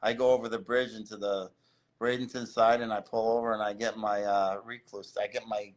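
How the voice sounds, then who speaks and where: A man's voice: fairly low pitch, fairly quick. A middle-aged man, a guest in a casual interview, telling stories animatedly and acting out the people he quotes. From Cleveland. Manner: animated storyteller, acts out the people he quotes, laughs often. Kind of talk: casual storytelling chat.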